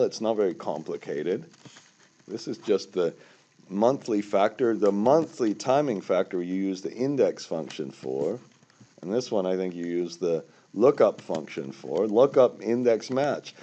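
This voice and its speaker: A man's voice: lowish voice, dark tone, dull audio. An older man giving a rambling, self-correcting finance lesson over a spreadsheet, with sudden emphatic bursts. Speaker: finance instructor. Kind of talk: screen-recorded spreadsheet tutorial.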